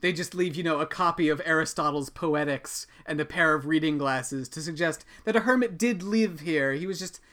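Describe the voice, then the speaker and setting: A man's voice: a little high, normal speed, hardly any pauses, a bit bright. A man hosting a podcast, dryly explaining a history story in a casual, amused way. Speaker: podcast host.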